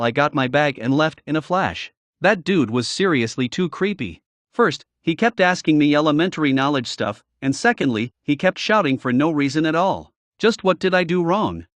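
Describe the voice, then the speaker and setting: Man reading a fantasy novel aloud, slightly high voice, very dry recording. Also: no room sound. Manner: steady reading with occasional slips. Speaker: audiobook narrator. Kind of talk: first-person novel narration.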